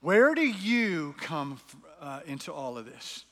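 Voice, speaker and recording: Defiant young boy read by a man, indignant questions, fairly high voice, hall reverb. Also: sing-song, slow, a bit bright, heavily acted.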